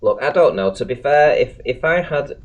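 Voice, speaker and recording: A man's voice: mid-range voice, lively intonation, normal speed, lo-fi sound. A man hosts a casual live stream chat, speaking bluntly and swearing freely. His voice sits in a middle register, and he laughs often between points.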